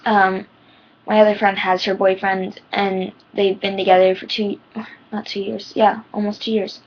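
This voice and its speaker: A woman's voice: mid-range voice, level tone, moderate pace, muffled recording. A teenage girl giving personal advice in a rambling, heartfelt vlog, her voice shaking near tears. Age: teens. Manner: rambling, heartfelt, many ums. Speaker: vlogger.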